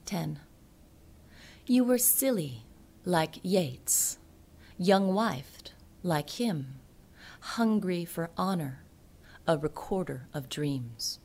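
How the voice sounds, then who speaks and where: Slow, hushed woman reading poetry. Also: on the low side, lively intonation, breathy edge. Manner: slow, hushed delivery dropping into whispers. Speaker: poet.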